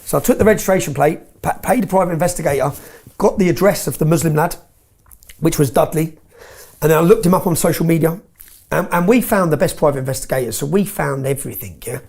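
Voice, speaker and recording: A man's voice: on the high side, fast, gravelly, a little mellow. A man telling stories with emphasis as an interview guest, often tagging his points with "yeah?". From England. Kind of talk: heated interview storytelling.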